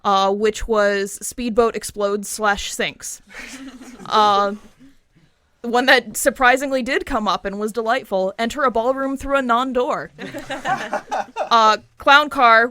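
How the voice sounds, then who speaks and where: A woman's voice: fairly high pitch, steady tone, measured pace, pushed and bright, a little hiss or hum. A woman on a tabletop game podcast, chatting casually and laughing, reading a list with many ums and uhs. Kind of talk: casual laughing chat between players.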